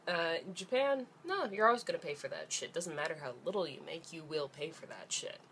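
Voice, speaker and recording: A woman's voice: low voice, lively intonation, brisk, a bit bright, slight background noise. A young woman, ranting angrily and sarcastically in a vlog, swearing freely. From Canada. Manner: angry, profane, sarcastic. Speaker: vlogger.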